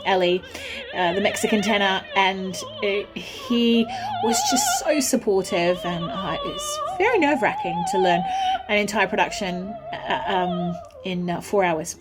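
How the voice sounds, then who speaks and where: A woman, an opera singer, telling a backstage anecdote in an animated way and breaking into sung phrases. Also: medium pitch. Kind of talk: storytelling anecdote.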